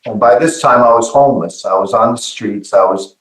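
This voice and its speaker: A middle-aged man telling a personal testimony in an earnest, halting way, often repeating his words. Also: mid-range voice, echoey room, rough recording. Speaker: guest giving testimony.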